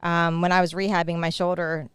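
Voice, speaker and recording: A woman's voice: lowish voice, little pitch movement, brisk, clean tone, no echo, clean studio sound. A woman in her forties, a guest on a casual podcast, telling stories in a chatty way with lots of fillers. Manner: chatty storyteller with many fillers. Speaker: podcast guest, bakery co-owner. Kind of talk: casual chat.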